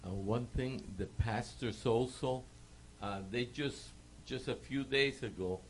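A man from a church mission team telling a short story in a halting way, full of "you know". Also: mid-range voice, a little hiss or hum. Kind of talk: casual testimony.

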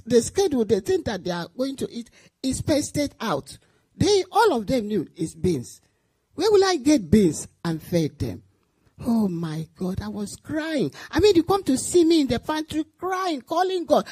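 Animated woman giving an emotional testimony. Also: high voice, no echo. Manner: animated, repetitive storytelling with acted-out quotes. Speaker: Sunday school teacher.

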